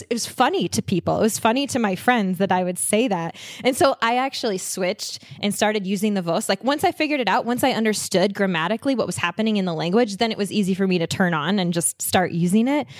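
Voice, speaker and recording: A woman's voice: mid-range voice, no echo, studio quality. A woman guest on a podcast, chatting enthusiastically about travel and laughing often. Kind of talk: casual interview chat.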